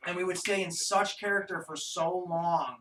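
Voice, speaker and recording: A man's voice: sits high, steady tone, normal speed, pushed and bright, distant mic. A man from the United States, co-hosting a podcast in crude, jokey casual chat while watching a film. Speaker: podcast co-host. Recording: roomy, off-mic sound.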